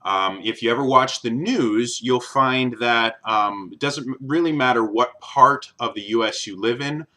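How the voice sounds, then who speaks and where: A man's voice: mid-range voice, measured pace, hardly any pauses, pushed and bright. A young man with a neutral General American accent, talking casually to camera in a rambling vlog, with many ums and restarts. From American Midwest. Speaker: vlogger.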